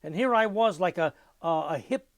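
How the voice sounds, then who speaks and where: An older man, telling lively anecdotes in an oral history interview and mimicking sounds as he goes. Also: high voice, normal speed, no room sound. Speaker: interviewee, musician.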